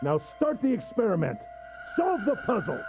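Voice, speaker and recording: A sadistic captor with refined manners and a mocking tone in a video game. His pitch sits high and swings widely. The audio is slightly muffled with music underneath. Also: wildly swooping pitch, normal speed, full character voice. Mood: taunting. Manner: polite, taunting, cackling. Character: sadistic gentlemanly male captor, cold and mocking.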